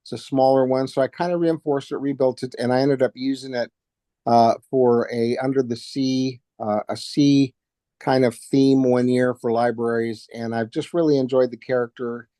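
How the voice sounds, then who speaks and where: A man being interviewed about his puppet work, wandering through his answers with many fillers and pauses. His voice is mellow and warm, and it sounds dry and close with no room echo. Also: mid-range voice, fairly even intonation. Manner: rambling, hesitant, lots of fillers. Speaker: ventriloquist and puppet builder guest.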